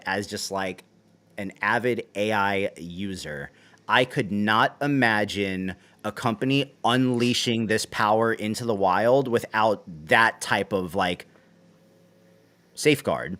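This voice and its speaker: Male host, lowish voice, casual rambling stream chat. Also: slow pace. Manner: rambling, self-correcting, soft asides. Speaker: show host. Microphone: webcam setup on a video call.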